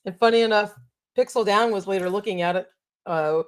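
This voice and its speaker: A woman co-hosting a casual conversation, full of excitement and peppered with "um" and "uh". Her voice sits at an ordinary middle pitch, and she keeps the talk moving in a relaxed, chatty way. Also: a little fast. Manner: enthusiastic, chatty with many fillers. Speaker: co-host of toy show. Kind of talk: casual chat.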